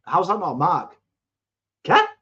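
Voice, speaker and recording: English man hosting a live sports watchalong: coarse voice, fairly high, excitable, swears a lot, dull lo-fi audio. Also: unhurried. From England. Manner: chatty, excitable, swears, bursts into shouts at play. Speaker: watchalong host. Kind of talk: live football watchalong chat, reading viewer comments.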